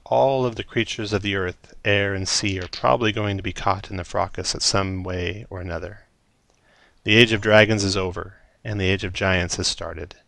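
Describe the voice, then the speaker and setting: A man voicing an enormous male storm giant, contemplative and commanding, with a booming voice and a grave, solemn way of speaking. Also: steady tone, moderate pace, creaky, sharp tone, dry recording, exaggerated voice. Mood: grave warning.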